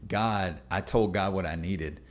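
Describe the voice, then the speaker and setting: A man, a pastor and podcast guest, telling a personal story in an earnest, emphatic way. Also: unhurried. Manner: acts out other people with jumps to high squeaky voices.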